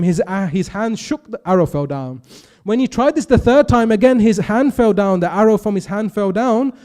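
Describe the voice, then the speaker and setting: A man with a British accent delivers a mournful sermon, his voice pitched high and mellow. His tone is smooth and resonant. He stretches out the quoted lines slowly and pleadingly as he tells the story. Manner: emotive storytelling with quoted dialogue, slow pleading stresses. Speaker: majlis speaker.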